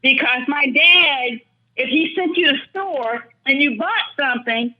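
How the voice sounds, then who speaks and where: A woman's voice: high-pitched, measured pace. An older woman, a guest in an interview, reflecting earnestly and with feeling as she tells personal stories. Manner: thoughtful, earnest, speaks with feeling. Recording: dull lo-fi recording.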